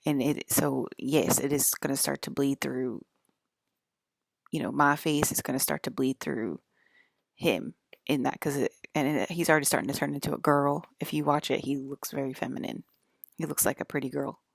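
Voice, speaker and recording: Woman, 40s, low and creaky, rambling home-vlog monologue, dry close sound. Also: steady tone, moderate pace, no room sound. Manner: rambling, filler-heavy, keeps asking "okay?". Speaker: channel host.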